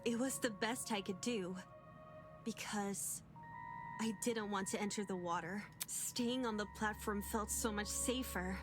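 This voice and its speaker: A woman reading the lines of a timid, self-blaming young woman from a game, slowly and hesitantly. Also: mid-range voice, music in the background, lightly acted.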